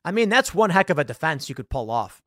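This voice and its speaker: In a clean studio recording with no echo, a man with a slightly high voice talks at a quick clip. He hosts a podcast, delivering an opinionated commentary monologue as animated storytelling and acting out the voices of the people he quotes.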